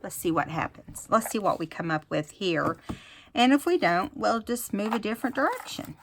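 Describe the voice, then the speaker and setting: A woman's voice: mid-range voice, animated, normal speed, a little hiss or hum. A woman talking casually through a craft tutorial, thinking aloud as she works. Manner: chatty, thinks aloud while working. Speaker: craft vlogger.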